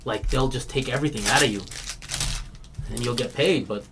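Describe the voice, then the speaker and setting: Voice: mid-range voice, normal speed, vocal fry, noisy background. Chatty card break host who rambles and laughs, then rattles off player names, mid-range voice. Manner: laughs at its own stories. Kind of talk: casual chat while opening card packs on a stream.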